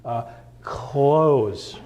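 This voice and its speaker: A man coaching a live seminar audience in an animated, jokey way, acting out quotes in a raised voice. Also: mid-range voice, very slow. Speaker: real estate coach. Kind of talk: energetic seminar talk.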